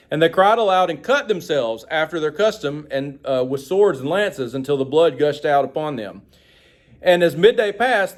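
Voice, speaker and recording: A man's voice: medium pitch, darkish tone. A man teaching a Bible study, reading passages aloud and explaining them in a casual, conversational way with frequent asides. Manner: reads quotes with raised, dramatic emphasis.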